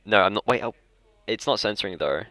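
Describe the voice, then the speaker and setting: A man's voice: lowish voice, a little fast, pushed and bright, no room sound. A young Australian man hosting a casual podcast, rambling and correcting himself as he goes. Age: young adult. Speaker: podcast host. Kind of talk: casual chat. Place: school library.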